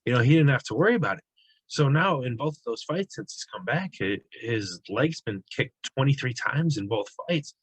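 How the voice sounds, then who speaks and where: A man's voice: mid-range voice, lively intonation, normal speed, breathy edge, no room sound, rough recording. Man breaking down fight picks. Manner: conversational, frequent fillers and restarts. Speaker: sports betting analyst. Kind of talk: casual sports betting analysis.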